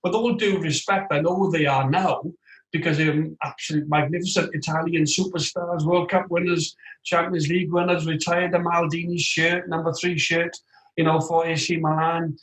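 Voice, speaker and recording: Animated storytelling man, roomy sound. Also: fairly high pitch, moderate pace. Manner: animated, tells stories with lively quoted voices. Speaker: guest, former footballer. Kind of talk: casual interview storytelling. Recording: roomy echoey room sound.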